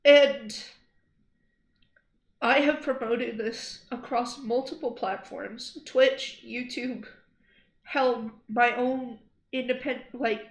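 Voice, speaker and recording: High-voiced young woman streamer, shaken. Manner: earnest, upset and angry, halting with repeats. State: shaken after crying. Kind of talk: emotional livestream address. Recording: roomy echo.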